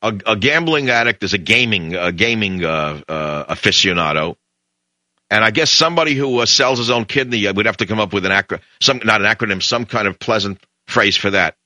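A man's voice: lively intonation, brisk, pushed and bright, no room sound. An older man, hosting a talk show in a rambling, digressive storytelling monologue. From Brooklyn, New York. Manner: digressive storyteller, jumps between tangents with sudden pitch leaps.

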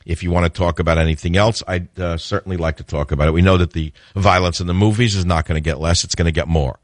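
A middle-aged man hosts a talk radio call-in show in a very low voice. He talks bluntly and with strong opinions, and he often chuckles. The sound is close and dry. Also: steady tone, fast, dry recording.

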